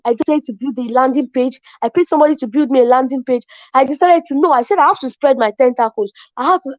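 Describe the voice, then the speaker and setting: A woman tells her story as an affiliate marketer in an excitable, casual way, often saying "as in". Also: sits high, no room sound. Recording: dull lo-fi, dry sound.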